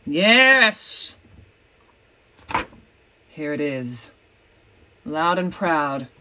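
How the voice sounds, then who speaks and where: A woman chats casually on a livestream while she signs. She is playful and now and then slips into snatches of song. She talks unhurriedly, and her pitch swings up and down. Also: animated, slow pace, pauses often, a bit bright, a little hiss or hum. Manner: playful, sings and hums bits while working. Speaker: guest doing a live signing.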